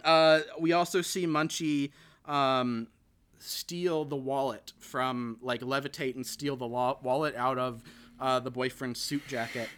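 Bright-voiced man rambling through a film recap. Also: mid-range voice, steady tone, unhurried, smooth. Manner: rambling, full of fillers and restarts, quotes characters. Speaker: podcast host. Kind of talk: casual chat recapping a film.

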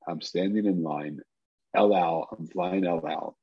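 A man's voice: deep voice, measured pace, slightly rough, dry recording. An older man, a podcast guest, telling a long story and acting out the dialogue as he goes. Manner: animated storyteller who acts out the dialogue. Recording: slightly muffled recording.

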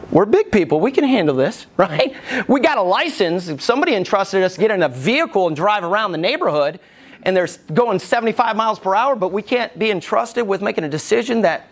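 A pastor in his forties preaching a sermon in a church, candid and dramatic in his storytelling. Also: sits high. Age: 40s.

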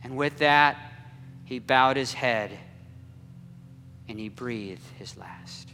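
A man preaching a dramatic sermon as a story, slow and swinging between loud cries and hushed near-whispers. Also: mid-range voice, a little hiss or hum. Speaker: pastor. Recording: echoey hall with long reverb.

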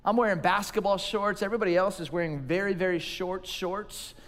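A man's voice: high voice, steady tone, brisk, a bit bright. A man preaching a sermon, telling stories about himself with self-deprecating humor. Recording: long reverb of a large hall.

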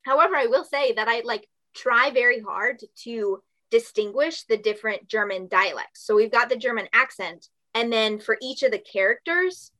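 A young woman voice actress chatting in an interview, bubbly and quick, with a lot of "like". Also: a little high, bright, forceful tone, rough recording. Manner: bubbly, fast, heavy use of "like". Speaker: voice actress guest. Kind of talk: casual interview chat.

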